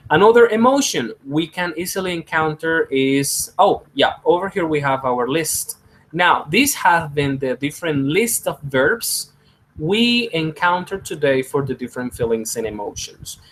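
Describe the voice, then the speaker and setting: A male English teacher, a native Spanish speaker, runs a slow classroom pronunciation drill with a slightly high voice. He draws out and repeats words, then switches to quick asides in Spanish. The audio quality is poor.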